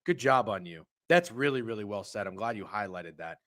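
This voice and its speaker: Animated, swearing man talking sports. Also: lowish voice, brisk. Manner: animated, swings from loud to muttered asides. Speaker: co-host of a sports betting stream. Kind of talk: casual profane sports chat.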